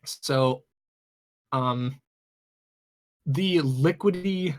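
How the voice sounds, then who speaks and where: Game master narrating a tabletop game, stop-start delivery. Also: medium pitch. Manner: rambling, halting, many restarts.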